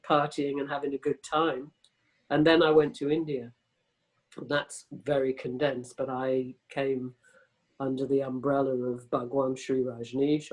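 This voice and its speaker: A woman's voice: rumbling low, a little mellow, poor audio. A woman in her sixties, a guest speaking casually over a video call, frank and rambling, swearing freely. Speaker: interview guest.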